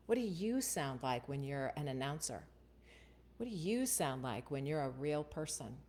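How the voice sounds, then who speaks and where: Low, chatty woman hosting a casual voiceover Q&A. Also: darkish tone. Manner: chatty, keeps asking "right?". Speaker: voiceover coach and host. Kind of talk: casual Q&A livestream.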